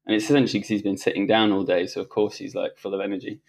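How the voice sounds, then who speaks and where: A man with a fairly low voice speaks as an interview guest, recalling events in a relaxed, meandering way. He often restarts his sentences and pads them with fillers. He sounds middle-aged and unscripted. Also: racing, gravelly. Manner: rambling, frequent restarts and fillers, laughs while telling stories. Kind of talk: casual storytelling conversation.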